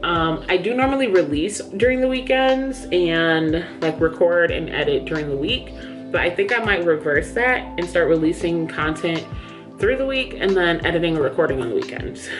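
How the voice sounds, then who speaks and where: A woman book vlogger with a low-leaning voice and lively intonation talks at a moderate pace over music. Slightly out of breath in a small room under studio lights, she chats candidly to camera, throwing in "yo" and "y'all."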